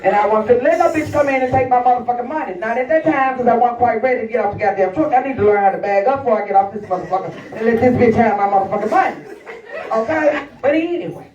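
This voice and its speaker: A woman's voice: a little high, fast, a little mellow. A woman doing stand-up storytelling, brash and profane, talking straight to the crowd from a live comedy venue. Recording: echoey, distant, dull live recording.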